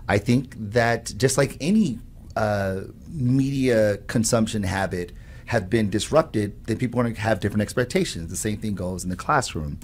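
A man who teaches at a college, explaining his ideas on learning in an animated, storytelling way and often adding "right?". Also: on the low side, moderate pace, a little hiss or hum. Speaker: professor. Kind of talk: conversational explanation.

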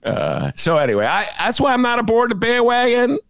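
A man's voice: very high voice, huge pitch swings, a little fast, vocal fry, fairly bright tone, clear, resonant tone, no room sound, studio quality. A man hosting a political talk show, ranting sarcastically and laughing at his own jokes. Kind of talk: opinionated political chat.

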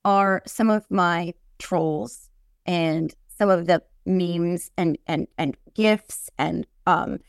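A woman's voice: fairly low pitch, slow, vocal fry, clean tone, no room sound, clean studio sound. A woman hosting a podcast in casual chat, riffing in a joking, sarcastic way. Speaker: podcast host.

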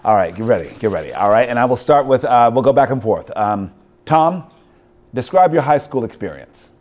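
A man hosting an interview, asking questions in a playful, expressive way. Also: medium pitch, brisk. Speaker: interviewer host. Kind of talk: casual interview.

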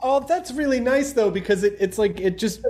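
A man's voice: high-pitched, expressive, a little fast, darkish tone, a little hiss or hum. A man hosting an interview podcast, chatting casually with a guest, friendly and joking. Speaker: podcast host.

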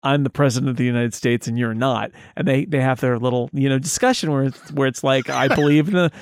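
A man's voice: medium pitch, quick pace. A man co-hosting a casual film podcast, retelling scenes and playfully doing the characters' lines. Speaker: podcast co-host.

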